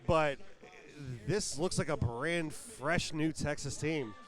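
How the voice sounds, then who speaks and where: A man calling a live roller derby game, with a voice that sits a little high. He jokes and laughs easily between roster numbers. His delivery is loose and playful. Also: slow pace. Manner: jokey, laughs often, reads roster numbers. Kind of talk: live sports commentary.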